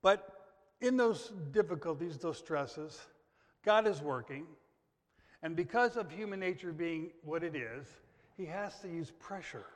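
A fairly high-voiced American man preaching in a church, his words trailing into a long hall reverb. He leans on repetition and swings from quiet to sudden loud bursts. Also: expressive, measured pace. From United States. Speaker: pastor. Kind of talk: sermon. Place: church sanctuary.

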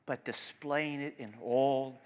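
A male pastor preaching a sermon, animated and emphatic, with frequent restarts and swings between loud and soft. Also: medium pitch, slow pace. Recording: long hall reverb.

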